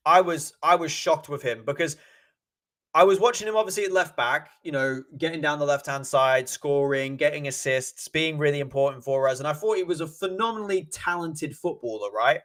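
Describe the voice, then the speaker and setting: A young man streaming a live football watch-along, excitable, often stammering and repeating himself. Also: a little high. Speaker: football fan livestreamer.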